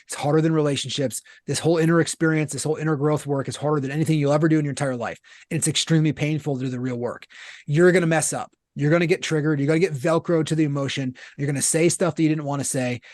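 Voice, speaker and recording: Fast-talking, higher-voiced man, blunt and animated. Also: dry recording, clean studio sound. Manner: blunt and animated, with casual swearing. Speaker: guest, author and business founder. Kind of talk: candid interview talk.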